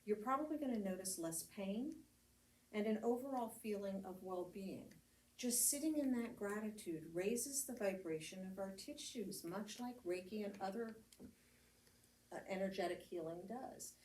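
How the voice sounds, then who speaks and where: A woman's voice: medium pitch, normal speed, darkish tone, slight background noise. A woman reverend with an American accent giving a casual, conversational homily, telling stories with laughs and fillers. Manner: chatty storytelling with laughs and fillers. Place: church meeting hall. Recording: roomy hall, speaker heard from a distance, faint ambience.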